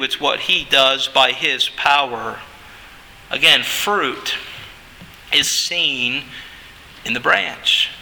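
A male pastor preaching slowly and deliberately, drawing out key words and swinging his pitch sharply up and down. His voice is high and very bright, and it rings with the long reverb of a hall. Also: a little hiss or hum. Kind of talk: sermon.

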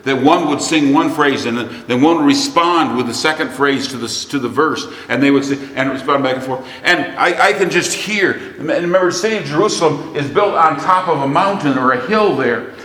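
A man's voice: on the high side, a little fast, few pauses, fairly bright tone. A man from the United States with an American accent, preaching a sermon conversationally and asking the congregation questions. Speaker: pastor. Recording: echoey long reverb of a church hall.

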